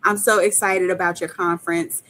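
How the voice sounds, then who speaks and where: A woman hosting an interview, warmly affirming her guest and chiming in with agreement. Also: lowish voice, little pitch movement, moderate pace, a little hiss or hum. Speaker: host. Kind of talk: conversational interview.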